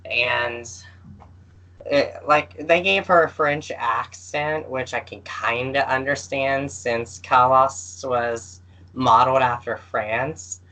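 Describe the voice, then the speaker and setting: A man's voice: mid-range voice, fairly even intonation, sharp tone, poor audio. A man co-hosting a podcast in casual chat, hesitant and full of fillers. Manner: slow and hesitant, with many fillers. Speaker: podcast co-host. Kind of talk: casual chat about games.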